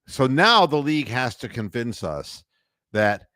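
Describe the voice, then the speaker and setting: Animated, mocking male sports radio host. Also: mid-range voice, unhurried, no room sound. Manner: animated, mocking, laughs while talking; puts on announcer and referee voices. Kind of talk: casual sports chat.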